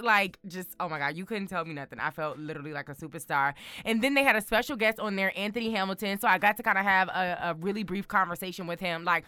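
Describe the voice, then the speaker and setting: Bright, bold young woman vlogging. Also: medium pitch, quick pace, few pauses, no echo, clean studio sound. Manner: bold, excitable, repeats words for emphasis. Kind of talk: casual chat to viewers.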